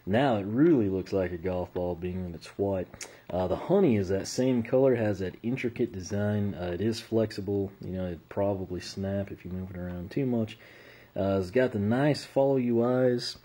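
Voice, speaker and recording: A man with an American accent talks through a toy unboxing in a relaxed, rambling way. His voice sits low and husky, with a mellow, dark tone. He is losing his voice. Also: normal speed. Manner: relaxed and rambling, with frequent uh fillers. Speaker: toy reviewer. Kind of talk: casual unboxing commentary.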